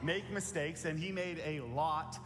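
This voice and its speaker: Pastor, man, slightly high voice, conversational sermon with repeated key lines, long church reverb. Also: a little slow, fairly bright tone, soft background music. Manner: earnest, plain-spoken, repeats key phrases. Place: church sanctuary.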